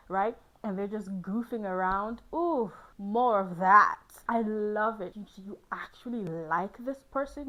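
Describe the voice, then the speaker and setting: A young woman chatting casually to camera as a host, lively and laughing often, jumping into high squealing exclaims. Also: low-quality recording. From Ghana.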